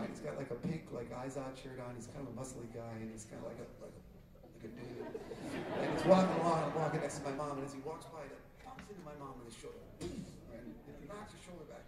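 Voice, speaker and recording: A middle-aged man telling a rambling story to a concert audience, laughing often, with many fillers and restarts. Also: mid-range voice. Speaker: musician telling stories on stage. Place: concert hall stage. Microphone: audience taper's recording from the crowd. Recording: roomy distant audience tape. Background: loud crowd.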